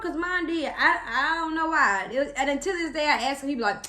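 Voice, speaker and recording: Chatty, bright-voiced young woman telling a story. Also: high voice, brisk, echoey room. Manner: animated, chatty, slangy, with acted-out quotes. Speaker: vlogger. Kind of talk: casual storytelling to camera.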